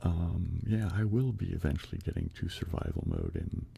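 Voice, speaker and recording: A man hosting a live stream, whispering and speaking softly close to the microphone in an ASMR style while chatting with viewers. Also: low voice, wildly swooping pitch, moderate pace, vocal fry, breathy edge. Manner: alternates whispers with soft close speech, chats to viewers.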